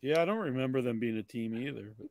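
A man's voice: medium pitch, animated, fast, a little mellow. A man co-hosting a wrestling podcast, chatty and joking. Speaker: podcast co-host. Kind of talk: casual chat.

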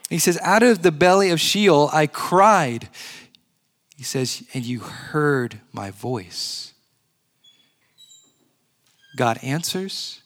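Earnest preaching man, fairly high voice. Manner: earnest preaching, slows and drops to a hush on key words. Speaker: pastor. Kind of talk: sermon.

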